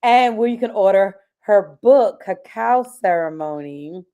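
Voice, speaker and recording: A woman's voice: mid-range voice, expressive, measured pace, dark tone, lo-fi sound. A woman co-hosting a live stream over a video call, talking in a bubbly, chatty way and laughing often. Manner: bubbly and talkative, laughs a lot. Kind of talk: casual live-stream chat.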